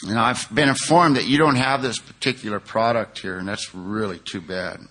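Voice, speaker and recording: A man's voice: on the low side, normal speed, fairly bright tone. A middle-aged man from California telling his personal recovery story to a conference audience, earnest and conversational, with frequent "you know.".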